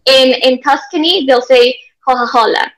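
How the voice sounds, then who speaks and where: A woman's voice: high voice, a little slow, sharp tone, poor audio. A woman, a native English speaker, tutoring in a casual video call, chatty and enthusiastic and laughing often. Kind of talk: casual conversation practice. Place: living in Italy.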